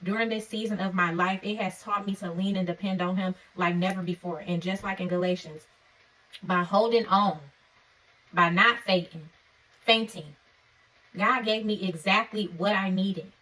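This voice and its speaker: A woman speaks in an informal, encouraging devotional style, earnest and a little preacherly, her voice at a mid pitch for a woman. She sounds set back from the microphone, picked up by a camera some distance away. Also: steady tone, brisk, few pauses, a bit bright. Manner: earnest, preacherly, punctuates points with "okay?"; conversational and informal. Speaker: faith vlogger. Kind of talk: encouraging devotional vlog talk.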